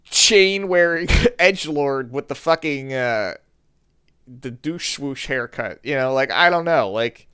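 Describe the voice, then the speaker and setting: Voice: medium pitch, animated, slow, fairly bright tone, clean tone. A live streamer reacting to a dating game with rambling, profane, stammering asides.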